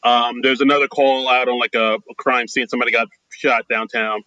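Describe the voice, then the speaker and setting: A man with a bright, sharp voice recaps a film plot in a relaxed, rambling way, filling pauses with ums and likes. The sound is close and dry. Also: mid-range voice, dry recording, lo-fi sound. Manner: relaxed, loose recaps with filler words. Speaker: podcast co-host. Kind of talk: casual movie discussion.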